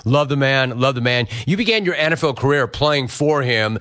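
Upbeat sports talk host guy, bright punchy voice, keeps the chat moving. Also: medium pitch, lively intonation. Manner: enthusiastic, quick to laugh. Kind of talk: radio-style interview.

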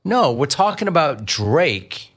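A middle-aged man hosting a sports talk radio show, riffing lively on callers and the news. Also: fairly high pitch, slow pace, breathy edge. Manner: lively, riffing, mock-quoting callers and family.

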